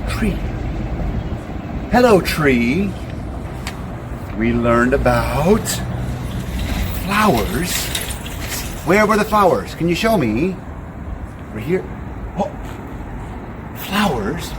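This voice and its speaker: A man presenting a children's nature walk, speaking slowly and in an exaggerated, coaxing way that invites kids to join in, recorded outdoors. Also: fairly high pitch, big pitch swings. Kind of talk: children's educational walk-along. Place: outdoors by a river. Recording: outdoor noise with passing traffic.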